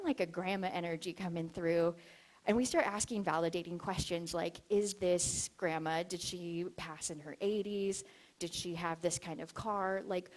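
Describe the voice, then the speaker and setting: Chatty, giggly woman telling stories. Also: on the low side. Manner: chatty, giggly, peppers speech with "like"; animated, acts out quoted exchanges. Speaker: expo speaker on spiritual dowsing. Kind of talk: casual storytelling talk to an audience.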